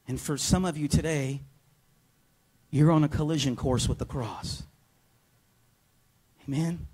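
A man preaching a sermon as pastor in a church, energetic and often calling out to the congregation for a response. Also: on the high side, measured pace, husky. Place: church sanctuary.

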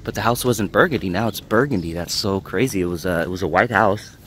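A man talking casually as he walks and films, reminiscing and sometimes dropping to a hush. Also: deep voice, fast, a little hiss or hum. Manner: reminiscing, hushed at times. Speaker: vlogger. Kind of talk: casual walking vlog.

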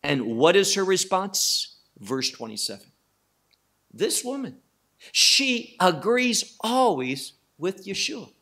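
A man teaching verse by verse through a Bible passage, slow and emphatic, asking and answering his own questions. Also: high-pitched, sing-song, bright, forceful tone, husky.

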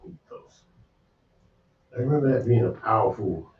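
A man's voice: lowish voice, expressive, normal speed. Laid-back male radio host, roomy sound. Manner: laid-back, laughs often, muses aloud. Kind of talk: casual morning radio banter. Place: radio studio. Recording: slightly muffled studio mic with faint background hiss.

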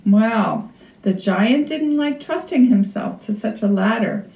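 A woman librarian reading a storybook aloud to children in an expressive, unhurried way. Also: a little high, creaky. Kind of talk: storybook read-aloud for kids. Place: library room. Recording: echoey room, far from mic, dull.

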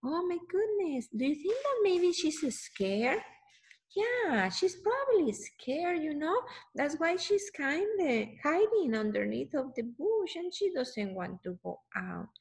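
A woman's voice: high voice, big pitch swings, slow. A woman reading a picture book aloud to children, exclaiming often and stopping to ask the listener questions.

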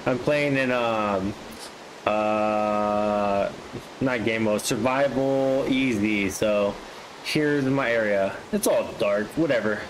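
A man casually commenting on his own gameplay, chatty and easily excited. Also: fairly low pitch, takes it slowly, background noise. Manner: excitable, flares up into frustrated outbursts. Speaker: gaming vlogger.

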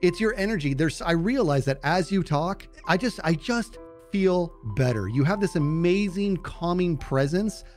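A man chatting earnestly during a game, warmly and effusively praising another player. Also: high voice, expressive, normal speed, soft background music. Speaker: fellow player. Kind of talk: casual chat.

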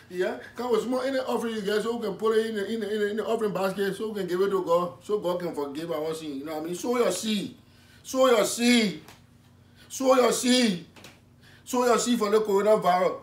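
A brash, pleading Liberian pastor, as a man puts him on begs for offerings and chants his refrains again and again in a Liberian English accent. His raised voice sits high and rings around a roomy space, heard from some distance. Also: close to an everyday voice. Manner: exclaiming, repetitive, chanting refrains. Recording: echoey room from a distance.

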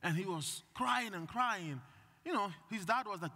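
A man's voice: high-pitched, lively intonation, unhurried, sharp tone. A male priest giving a conversational sermon and putting questions to the congregation. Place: church. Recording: long reverb in a church.

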